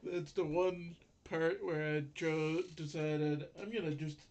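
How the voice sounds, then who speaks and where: A man with a slightly higher voice speaks very slowly in a relaxed review chat. He chuckles now and then and checks his notes as he talks. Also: dull audio. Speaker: co-host reviewing an anime episode. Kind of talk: casual recap chat.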